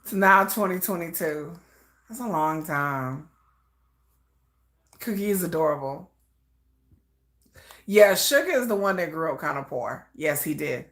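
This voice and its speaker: A chatty woman talks through a live reaction stream, her voice sitting a little low for a woman. She rambles loosely, trails off into soft asides, then pops up into excited, animated bursts. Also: a little slow, pauses often. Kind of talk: casual live reaction commentary.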